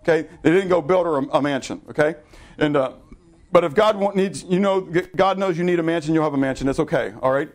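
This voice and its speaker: A middle-aged man preaching a sermon, animated and conversational, asking the congregation to answer and correcting himself in loose asides. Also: a little high, fast. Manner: animated preaching with audience call-and-response. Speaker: pastor.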